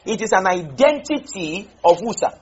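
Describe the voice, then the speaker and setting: A man's voice: high-pitched, very animated, moderate pace, slightly rough. A man leading a Bible study, repeating and stressing words as he calls on listeners. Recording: muffled lo-fi recording.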